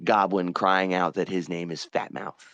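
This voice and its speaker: A man's voice: deep voice, flat delivery, a little slow, fairly bright tone, no room sound, lo-fi sound. A man narrating as game master in a casual, descriptive way and swearing freely.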